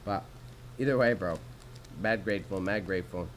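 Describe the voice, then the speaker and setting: A man's voice: low voice, moderate pace, slight background noise, low-quality recording. Laid-back Canadian guy streaming. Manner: laid-back, slangy, swears casually, chats with viewers. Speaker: livestreamer. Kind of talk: casual livestream chat while sorting jewelry.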